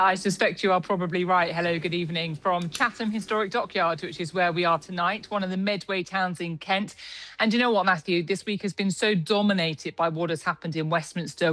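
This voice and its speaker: A woman, a political correspondent, giving a brisk, informative live news report. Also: on the low side, fairly bright tone, dry recording.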